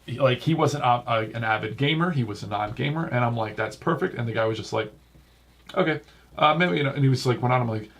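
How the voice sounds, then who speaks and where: A man's voice: mid-range voice, fast talker, hardly any pauses, breathy edge. A man hosting a podcast in casual chat, rambling with lots of fillers and restarts. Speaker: podcast host.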